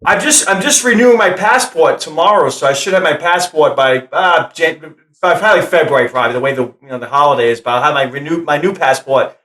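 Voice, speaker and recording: A man's voice: a little high, quick pace, hardly any pauses, a bit bright. A man with a Rhode Island accent, an actor chatting as an interview guest, rambling and repeating himself with frequent laughs. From Rhode Island, USA. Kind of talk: casual interview chat. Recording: roomy echo.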